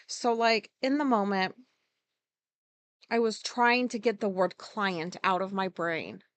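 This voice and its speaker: A woman's voice: mid-range voice, slow, fairly bright tone, dry recording. A woman podcast host telling a personal story in a candid, rambling monologue, swearing freely. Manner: frank and profane, rambling with many asides.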